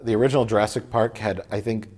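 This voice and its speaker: A man's voice: fairly low pitch, steady tone, fast, over loud music. A man chatting casually about movies as a reviewer, rambling and joking, often breaking into laughter. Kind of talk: casual chat.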